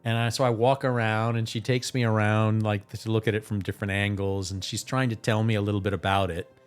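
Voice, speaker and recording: With a lowish, smooth voice and a brisk pace, this tarot reader runs a livestream, relaxed and animated as he swaps stories and laughs frequently. Faint music plays in the background.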